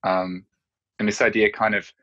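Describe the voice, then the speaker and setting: A man's voice: lowish voice, little pitch movement, moderate pace, sharp tone. A man speaking as a coach and podcast guest in casual, reflective chat, searching for his words. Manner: reflective, searching, many fillers. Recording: dull lo-fi audio.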